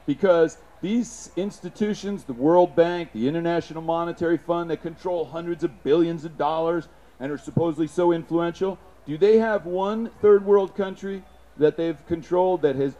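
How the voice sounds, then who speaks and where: A man giving an impassioned, profane public speech, punctuated with shouted sound effects. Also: on the high side.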